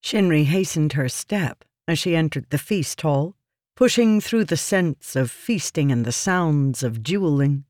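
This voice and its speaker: A narrator reading a fantasy novel aloud in a measured, deliberate manner. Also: mid-range voice, lively intonation, darkish tone, no echo, clean studio sound. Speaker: audiobook narrator.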